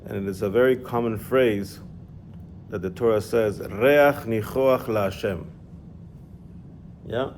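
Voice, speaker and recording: A man's voice: fairly low pitch, steady tone, moderate pace, a little mellow, a little hiss or hum. A man teaching an informal religious class, explaining step by step and checking in with his student.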